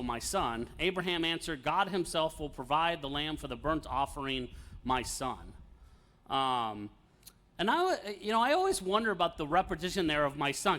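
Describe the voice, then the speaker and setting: A man's voice: on the high side, sharp tone. A man teaching an informal Bible study, talking conversationally with fillers and light laughs.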